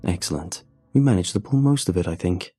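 A man voicing a brisk, smug shopkeeper doctor who hurries a customer out, in a scripted story reading. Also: low voice, animated, mellow, husky, faint music behind.

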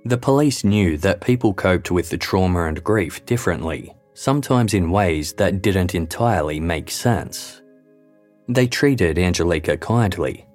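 A man giving scripted true-crime narration in a measured, even documentary delivery. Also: sits low. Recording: faint music bed underneath.

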